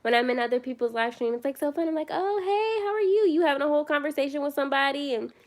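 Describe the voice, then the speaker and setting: A woman's voice: high-pitched, fairly even intonation, very fast. A young woman chatting casually on her first phone livestream, tired late at night, rambling and self-deprecating.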